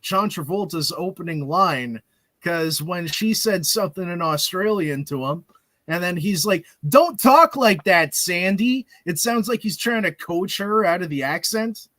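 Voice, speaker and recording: A man's voice: high-pitched, moderate pace, a bit bright, dry recording. A man co-hosting a casual movie chat, arguing his point in a jokey, mock-serious way. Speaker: podcast co-host.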